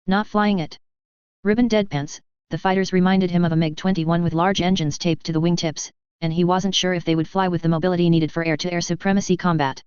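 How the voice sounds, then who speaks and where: A woman narrating fan fiction in an even, plain reading style, on a dull, dry recording. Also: fairly low pitch, quick pace, few pauses, clean tone, no room sound.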